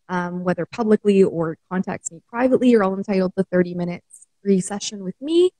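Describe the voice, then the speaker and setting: Laughing Canadian woman coach, mellow voice. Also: mid-range voice, no echo, poor audio. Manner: warm, laughs often, many fillers. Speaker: mental wellness coach. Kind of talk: casual live-stream chat.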